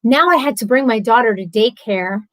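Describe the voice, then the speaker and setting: A woman vlogger speaks to her live-stream viewers in an open, candid way, answering their comments as she goes. Her voice sits a bit high for a woman, and the sound is close and dry, with no room around it. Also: lively intonation, moderate pace, dry recording, poor audio.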